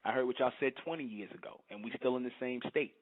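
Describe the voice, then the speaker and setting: A man's voice: mid-range voice, quick pace. A man hosting a call-in show, talking bluntly and emphatically and repeating his phrases for emphasis. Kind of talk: call-in broadcast monologue. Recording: lo-fi phone-like broadcast audio.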